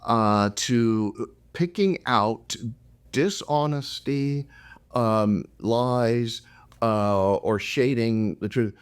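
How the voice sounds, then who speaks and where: A man's voice: mid-range voice, drawn-out words, clear, resonant tone. A middle-aged man, a psychologist co-hosting a casual conversational podcast, talking animatedly and acting out quoted lines. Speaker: co-host, psychologist.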